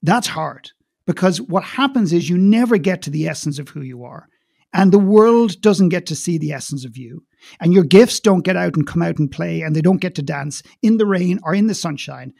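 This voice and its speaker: A man's voice: fairly high pitch, lively intonation, moderate pace, creaky, darkish tone, no echo, clean studio sound. A man with an Irish accent, a guest in a podcast interview, talking passionately and bluntly, swearing and repeating words as he goes.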